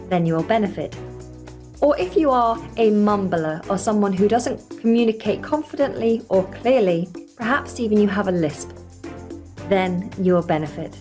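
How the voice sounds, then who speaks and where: A woman with a standard British English accent, originally from the north of England, presenting an online elocution lesson with clear, careful enunciation. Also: mid-range voice, darkish tone. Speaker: elocution teacher.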